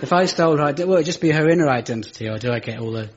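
A young British man doing stand-up storytelling on stage, dry and ironic, rising into high exasperated rants. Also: animated, very fast, heavy background noise. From Britain. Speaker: comedian. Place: stage before a live audience. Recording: muffled live stage recording with audience.

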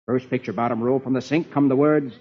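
A man's voice: medium pitch, steady tone, a little fast. A man hosting an old children's radio show, reading the comics aloud in a playful, sing-song storytelling manner. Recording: muffled old radio broadcast.

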